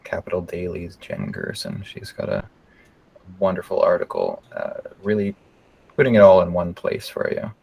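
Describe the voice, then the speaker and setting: A man co-hosting a podcast, making measured, skeptical remarks in casual chat. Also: deep voice, wildly swooping pitch, gravelly, a little mellow, breathy edge. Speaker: podcast co-host.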